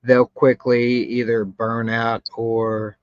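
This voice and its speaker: Host: calm, reflective man, um-heavy, muffled dry recording. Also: mid-range voice, clear, resonant tone, no echo. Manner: measured, reflective, hesitant with ums. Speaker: podcast host. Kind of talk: casual podcast chat.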